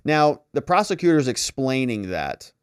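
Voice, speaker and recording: A male lawyer giving an animated trial recap, acting out the exchanges as he tells them. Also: medium pitch, unhurried, clean tone, no room sound, clean studio sound. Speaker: lawyer and commentator.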